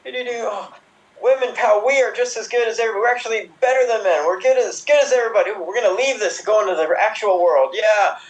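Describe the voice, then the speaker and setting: A man's voice: high voice, quick pace, natural voice. A man putting on the voice of a vain, bubbly blonde woman in an improv film remake, preening and sing-song. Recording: voice from a distant mic.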